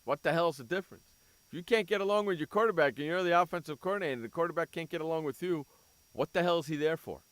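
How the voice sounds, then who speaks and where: A man's voice: fairly high pitch, fast talker, dry recording. A man hosting a sports talk radio show, ranting bluntly and cursing freely as he argues about teams and coaches.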